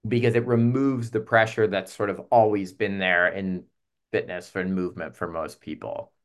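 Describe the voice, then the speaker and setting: A man hosting a podcast, talking in a relaxed, reflective way with plenty of filler words. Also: deep voice, moderate pace. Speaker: podcast host. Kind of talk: casual podcast conversation.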